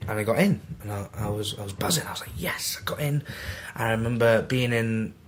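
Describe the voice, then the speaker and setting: A young Mancunian man, a podcast guest and actor from Manchester, England, tells casual stories fast in a fairly low voice, with slight background noise. He is animated and performs the quoted dialogue.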